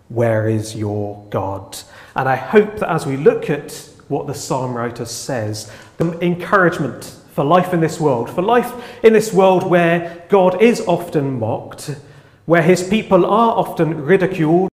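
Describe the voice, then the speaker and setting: A man preaching a sermon, opening with light jokes before turning earnest and reflective. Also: mid-range voice. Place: church. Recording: echoey church hall, long reverb.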